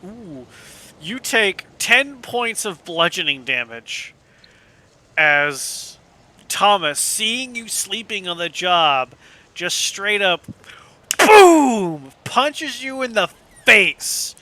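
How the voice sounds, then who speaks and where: Man, game master, casual tabletop narration, slow, bright voice, fillers and swearing. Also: sits high, sing-song.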